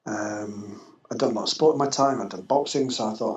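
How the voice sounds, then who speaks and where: A man, a former social worker, telling a personal story in an interview, halting and restarting often. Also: on the low side. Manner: halting, with frequent restarts and fillers. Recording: echoey, slightly dull podcast audio.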